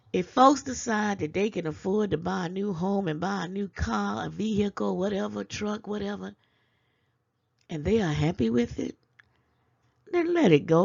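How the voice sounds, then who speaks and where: A woman's voice: medium pitch, vocal fry, dull audio. A woman hosting her own commentary channel, lecturing viewers with rhetorical questions and chuckling between points. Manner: preachy, scolding with rhetorical questions. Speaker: channel host. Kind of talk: casual commentary vlog.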